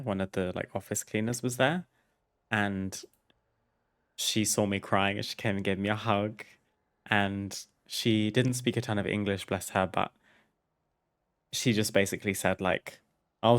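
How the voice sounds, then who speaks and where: A man with a fairly low voice talks over his gameplay, easygoing and frank. He drifts through a long personal story, laughing now and then and not minding a swear word. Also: steady tone, normal speed, fairly bright tone. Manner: chatty, candid, laughs and swears freely. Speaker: streamer.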